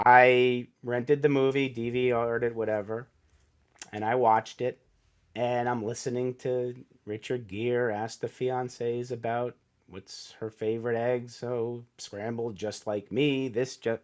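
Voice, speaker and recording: As a guest on a podcast, a middle-aged man tells stories in a casual interview, speaking earnestly and from the heart and acting out the people in his story. His pitch is ordinary, neither high nor low.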